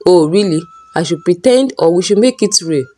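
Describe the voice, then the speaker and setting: A woman's voice: lowish voice, expressive, moderate pace, warm tone. A woman voicing a teasing young male student in a storybook reading.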